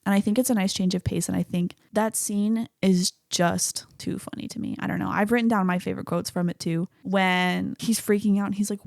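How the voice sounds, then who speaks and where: A woman's voice: mid-range voice, steady tone, a little fast, gravelly, few pauses, a little mellow, dry recording, studio quality. A woman hosting a solo podcast, talking casually and chattily about a movie, swearing freely. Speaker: podcast host.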